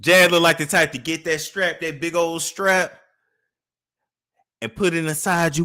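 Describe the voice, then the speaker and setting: A man's voice: on the high side, steady tone, unhurried, pauses often, pushed and bright. A man hosting a gossip show, mocking a played phone call, laughing and repeating the caller's words in a put-on voice. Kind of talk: commentary over a played call.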